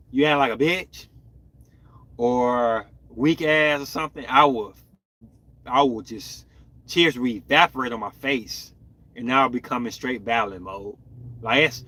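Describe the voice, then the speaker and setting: A man hosting a podcast, chatting casually and bluntly in slang with animated outbursts as he reacts to viewer comments. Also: medium pitch. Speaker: podcast host.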